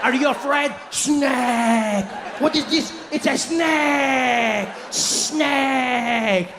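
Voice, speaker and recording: A man's voice: very high voice, drawn-out words, raised voice, crowd noise, noisy background, pitched above the performer's own voice, exaggerated voice. A man doing a mocking French tourist dad. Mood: taunting. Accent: put-on French. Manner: taunting, repetitive, incredulous.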